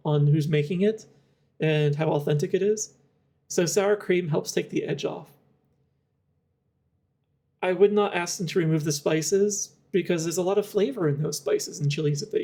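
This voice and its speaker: During a casual live-stream while playing, a game streamer rambles and giggles, thinking out loud with plenty of fillers. The voice is mellow and medium in pitch.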